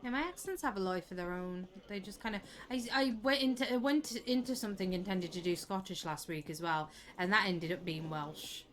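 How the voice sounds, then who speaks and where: A woman's voice: medium pitch, brisk, hardly any pauses, fairly bright tone. Giggly woman streaming a game. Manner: chatty, giggly, exclaims at the game. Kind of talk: casual live gameplay commentary. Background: game music.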